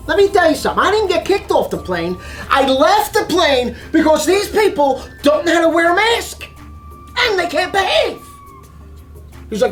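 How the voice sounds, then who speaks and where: A man telling a story in an excitable way, acting out voices and reactions. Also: extremely high pitch, normal speed, soft background music. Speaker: vlogger telling a travel story. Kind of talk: animated storytelling monologue.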